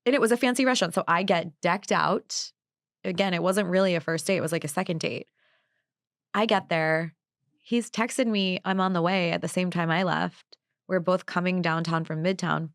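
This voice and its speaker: A young adult woman co-hosting a podcast, telling dating stories in a blunt, animated way and swearing freely. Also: lowish voice, normal speed, no room sound, studio quality. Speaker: podcast co-host. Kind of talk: casual chat, storytelling. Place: New York.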